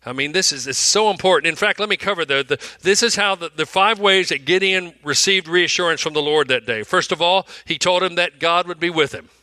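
A male pastor preaching a sermon, repeating phrases for emphasis and swinging between loud, emphatic lines and hushed ones. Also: high voice, a little fast, few pauses, no echo.

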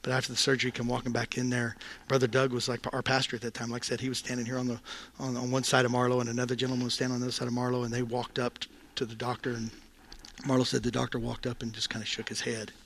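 A man telling a personal testimony, animated and acting out the dialogue in voices. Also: mid-range voice, racing, slight background noise. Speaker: speaker sharing a testimony.

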